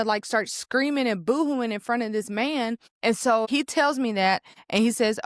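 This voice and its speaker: A woman's voice: fairly high pitch, lively intonation, fairly quick, hardly any pauses, no echo, clean studio sound. A young woman, hosting a podcast and candidly telling her own story with emotion. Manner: candid, emotional, addresses listeners as y'all. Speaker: podcast host. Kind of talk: personal storytelling.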